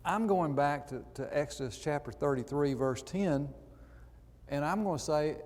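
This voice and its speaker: A man's voice: on the high side, lively intonation, normal speed, a little mellow. A man preaching a sermon in a church, reading scripture and adding conversational asides. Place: church auditorium. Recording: long reverb in a church hall.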